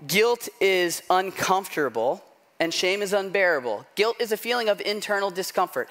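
A man's voice: high voice, expressive, normal speed, a bit bright. Man, middle-aged, pastor giving a sermon, casual chatty delivery, tells stories. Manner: conversational, self-deprecating storytelling with frequent "like" and "right?".

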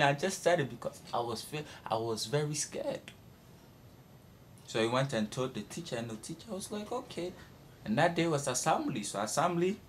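Young man, comic storytelling monologue, animated delivery, sudden shrieks and laughs, very wide pitch swings. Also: a little hiss or hum. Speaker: comedic storyteller.

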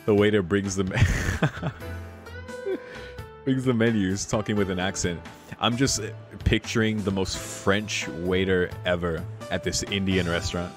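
A low-voiced man reads a visual novel out loud and keeps stopping to swear and laugh at what happens. Background music plays steadily behind his voice. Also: steady tone, unhurried. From United States. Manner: reads the text then breaks off into swearing, laughing commentary. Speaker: visual novel let's player. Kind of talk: reading a visual novel aloud with reactions.

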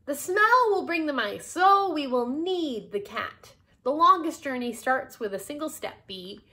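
A woman reading aloud, voicing a brisk, bossy old lady who talks in firm, emphatic proverbs. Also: medium pitch, natural voice.

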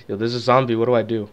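A man of middle pitch talks through a zombie game with frequent laughs and plenty of swearing. He pokes fun at himself and his teammate, heard through a headset voice chat. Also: clear, resonant tone. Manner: laughing often, profane, self-mocking. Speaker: gaming channel co-host. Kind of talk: casual gaming banter.

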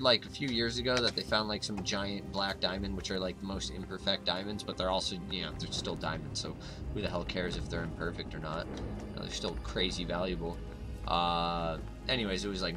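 A man hosting a gaming channel, chatting casually and rambling with lots of filler, breaking into sudden excited outbursts while he plays. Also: low voice, a little fast, over music. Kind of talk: casual let's-play commentary.

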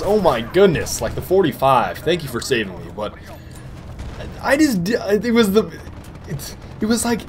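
A young man giving goofy, excitable commentary over his own gameplay footage. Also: high voice, moderate pace, slight background noise. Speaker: gaming commentator.

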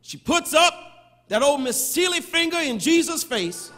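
A male pastor preaching a sermon, building into shouted, sing-song cadences with touches of humor. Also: very high voice, lively intonation, a little slow. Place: large church sanctuary. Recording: long church reverb.

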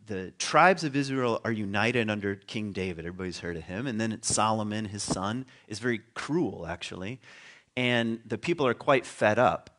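A man's voice: lowish voice, a bit bright. Chuckling man giving a casual sermon. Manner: casual and chuckling, thinks aloud with restarts. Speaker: teacher at a spiritual community. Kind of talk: conversational sermon.

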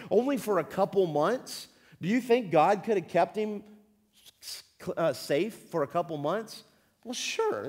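A male pastor with a high-pitched voice delivers a sermon to his congregation in a church. His delivery is conversational, full of check-ins with the room. He acts out voices from the story as he goes. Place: church sanctuary.

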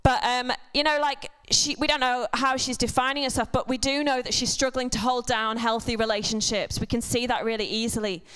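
Woman preaching in a smooth, higher voice. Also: steady tone, a little fast, hardly any pauses, fairly bright tone. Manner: chatty, self-deprecating humor with asides. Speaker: church speaker. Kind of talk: conversational sermon. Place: church service before a congregation.

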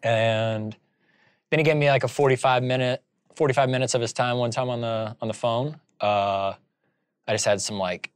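A man's voice: medium pitch, moderate pace, clean tone, no echo. Casual storytelling man in a dry room. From Indiana, USA. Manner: animated storyteller, heavy use of "like". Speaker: interview guest, filmmaker.

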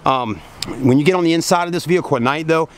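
A man's voice: on the high side, fast, slight background noise. Folksy man reviewing a car. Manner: chatty, folksy, addresses viewers as folks. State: hot and tired after a long day. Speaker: car reviewer filming at a dealership. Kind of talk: casual walkaround car review. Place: outdoors at a car dealership at night, then inside a car.

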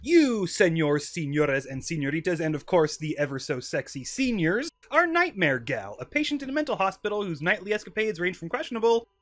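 A man's voice: sits high, lively intonation, fairly quick, hardly any pauses, fairly bright tone. A man hosting a comedic game review, narrating with sardonic, mock-grandiose asides.

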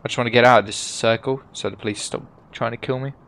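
A man's voice: mid-range voice, steady tone, fast talker, fairly bright tone. A young man giving casual, joking gameplay commentary as he plays, swearing and laughing at himself. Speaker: gaming YouTuber.

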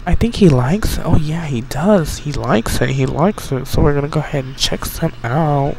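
A man giving excitable, chatty let's play commentary, bossing his game characters around. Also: on the high side, moderate pace, vocal fry. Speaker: game streamer. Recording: noisy home recording.

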